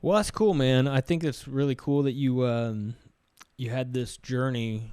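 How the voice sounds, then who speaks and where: A man hosting a casual podcast interview, animated, laughing often and acting out little voices as he talks. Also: medium pitch, a little slow, smooth, no room sound. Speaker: podcast host.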